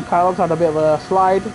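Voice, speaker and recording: A man streaming live racing gameplay from a home setup on a gaming headset, chatting to viewers and breaking into loud, frustrated outbursts. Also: high-pitched, normal speed, noisy background. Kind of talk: live sim-racing commentary.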